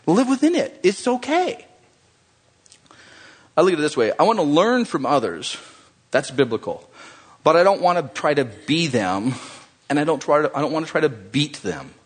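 A male pastor delivering a sermon with an animated, conversational manner. His voice sits a little high for a man and swings widely in pitch as he joshes with the congregation. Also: brisk, husky.

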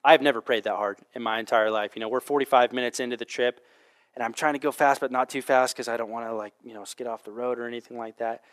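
A man's voice: mid-range voice, steady tone, fast talker. A man preaching a casual sermon, telling a personal story and reading Bible verses in a conversational way with many fillers. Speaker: pastor.

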